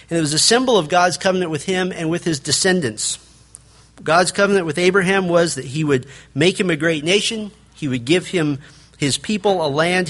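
A man delivers a sermon with a voice sitting a little above the usual male range. He preaches earnestly, reading scripture aloud and acting out quotes in lively asides. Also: on the high side. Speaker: pastor.

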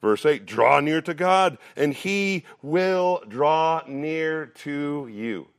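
A man in his thirties preaching a sermon, earnest and repeating phrases as he builds each point, sometimes dropping into a relaxed, story-telling tone. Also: drawn-out words, smooth. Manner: drops to a low conversational tone for a personal story. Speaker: pastor.

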